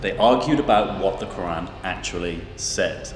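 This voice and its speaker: A man giving a measured, lecturing debate answer. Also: low-pitched, reverberant, in a large hall.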